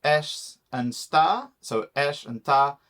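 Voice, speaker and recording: A man's voice: on the high side, animated, slow pace, fairly bright tone. A young man from Portugal with a Portuguese accent, co-hosting a casual language lesson, explaining patiently and teasing his partner. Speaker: co-host, teacher. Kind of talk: casual teaching chat.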